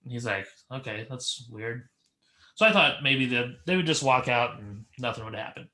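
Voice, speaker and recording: A man hosting a podcast, telling an animated story and acting out the people in it. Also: mid-range voice, brisk. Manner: animated storyteller, acts out voices, laughs a lot. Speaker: podcast host. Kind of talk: casual chat, storytelling.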